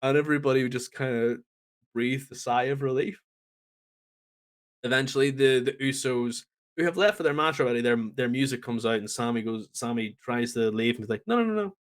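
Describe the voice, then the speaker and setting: Male podcast co-host, mid-range voice; animated, chatty storyteller who acts out the quotes. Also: mid-range voice, fairly quick. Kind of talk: casual wrestling recap chat.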